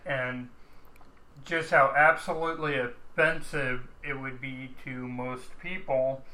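A man's voice: medium pitch, pushed and bright. A man co-hosting a podcast, giving a thoughtful, rambling film review in casual chat. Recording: roomy, echoey room sound.

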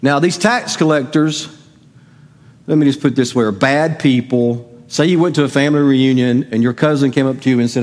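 A man's voice: medium pitch, a little fast, a little mellow. A middle-aged man preaching a sermon as pastor, conversational and asking the congregation questions. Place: church sanctuary. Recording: long hall reverb.

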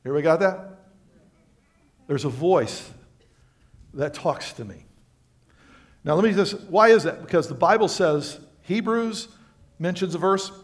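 A male pastor preaching a sermon to his congregation, swinging between loud emphatic lines and quiet, low asides. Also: animated, unhurried, pauses often. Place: church sanctuary.

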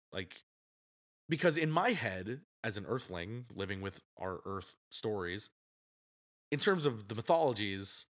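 A man co-hosting a casual movie review podcast, chatty and often laughing as he retells scenes. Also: mid-range voice. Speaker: podcast co-host.

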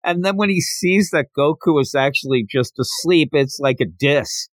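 A man's voice: a little high, normal speed, no room sound. Male podcast host, casual storytelling recap; dry close-mic sound. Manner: chatty storytelling, acts out quotes.

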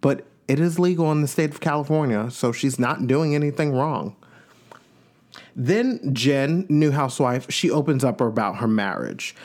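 A man's voice: mid-range voice, moderate pace, a little mellow. A man from Long Island, New York, hosting a podcast and giving a chatty, gossipy recap of a reality show with playful asides. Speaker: podcast host.

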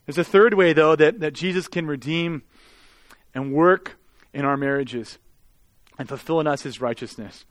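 A man, a pastor, preaching a sermon with earnest intensity, swelling loud and then dropping to soft, intimate tones. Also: a little high, normal speed, pauses often, no echo.

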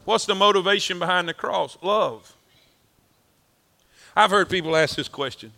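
This man's voice sits high and sounds creaky, pushed and bright, moving at a moderate pace with long pauses. He's preaching a sermon in a folksy, rhythmic way, using repetition and rising and falling emphasis to drive his points home.

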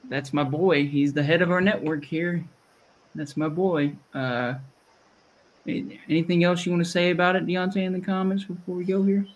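A man's voice: high-pitched, fairly even intonation, moderate pace, lo-fi sound, slight background noise. A man with a Southern US accent hosting a podcast, rambling and chatty, often restarting his sentences. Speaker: podcast host. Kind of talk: casual chat.

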